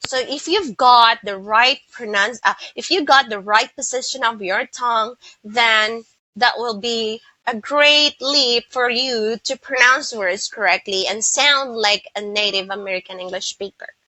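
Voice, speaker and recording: Slow, bright Filipino woman teaching. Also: on the high side, no room sound, rough recording. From Philippines. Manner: slow, repeats words to model pronunciation. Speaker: English teacher. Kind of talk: pronunciation lesson.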